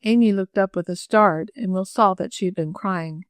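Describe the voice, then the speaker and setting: A woman reading a classic children's novel aloud as an audiobook narrator, clear and measured. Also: mid-range voice, no room sound, clean studio sound.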